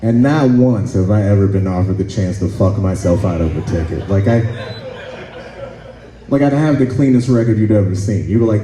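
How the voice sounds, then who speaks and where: A man doing a stand-up comedy set in a club, laid-back and halting, often pausing with "uh" and chuckling between lines. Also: lowish voice, lively intonation, warm tone, roomy sound, low-quality recording. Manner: laid-back, halting, with frequent "uh" and "let's see".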